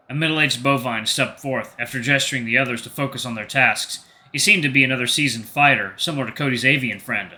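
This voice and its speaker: Speaking fast in a mid-range voice, a man running a gaming channel narrates a story game aloud. He breaks up the steady narration with casual comments.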